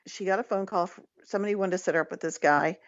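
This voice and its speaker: A woman's voice: mid-range voice, very fast, no echo, dull audio. A woman, a psychic guest on a talk radio show, telling stories about her clients in a chatty way and laughing often. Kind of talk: casual radio interview storytelling.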